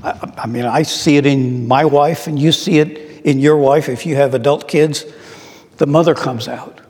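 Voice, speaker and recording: Male preacher, middle-aged, unhurried and thoughtful, fairly high voice, long hall reverb. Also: steady tone, darkish tone. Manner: slow, reflective, with rhetorical questions. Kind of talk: sermon.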